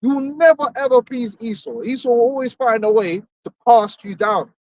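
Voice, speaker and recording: Casting: high-pitched man, animated and preachy, recorded well off the mic. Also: moderate pace, distant mic, a little hiss or hum. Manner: animated, mocking impressions, preachy. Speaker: podcast co-host. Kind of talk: heated casual discussion.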